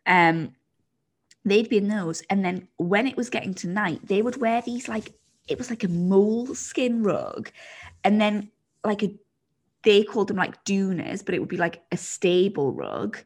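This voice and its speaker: Chatty, husky woman. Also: mid-range voice, animated, a little slow. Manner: chatty, rambling with many fillers. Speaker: podcast co-host. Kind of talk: casual chat.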